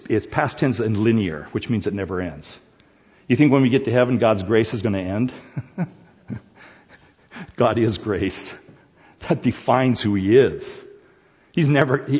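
A man preaching a sermon, emphatic and animated, dropping to soft asides and rising to loud points. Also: fairly low pitch. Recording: long hall reverb, dull lo-fi sound.

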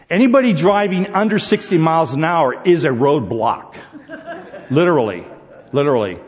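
A man preaching a sermon, emphatic and animated, dropping to soft asides and rising to loud points. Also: medium pitch. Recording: long hall reverb, dull lo-fi sound.

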